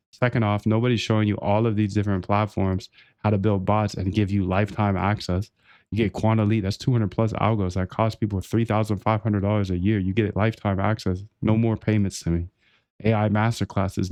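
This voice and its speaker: A man hosting a trading live stream, delivering a hyped, pushy sales pitch and calling the listener dude and bro. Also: darkish tone, dry recording. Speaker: trading channel host.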